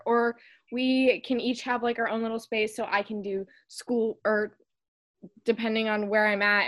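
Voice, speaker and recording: Chatty young woman host, high voice. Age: young adult. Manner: chatty, advice-giving, many fillers. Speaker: podcast host. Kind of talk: casual chat.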